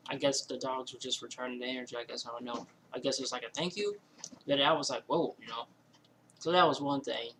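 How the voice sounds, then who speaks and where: Bright-voiced man rambling through a story. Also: mid-range voice, quick pace, slight background noise, poor audio. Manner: rambling, animated retelling with many fillers and quoted asides. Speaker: vlogger telling a personal story. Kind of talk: casual storytelling. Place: indoors at home.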